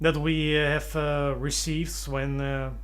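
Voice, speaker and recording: A man's voice: a little high, flat delivery, slow pace, smooth. A man who is not a native English speaker, giving casual live-stream commentary on his racing, hesitant, with many fillers and restarts. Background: loud music and car engine sounds.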